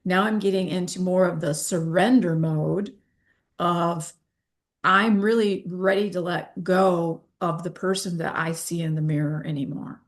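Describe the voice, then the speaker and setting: A woman's voice: fairly low pitch, steady tone, measured pace. A woman in her fifties, an interview guest who talks candidly and acts out the dialogue she quotes. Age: 50s.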